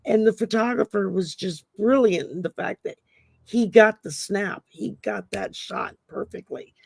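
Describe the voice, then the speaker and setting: High, gravelly-voiced man chatting. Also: unhurried, no echo. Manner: rambling storyteller, restarts phrases. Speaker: host. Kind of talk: casual live-stream chat.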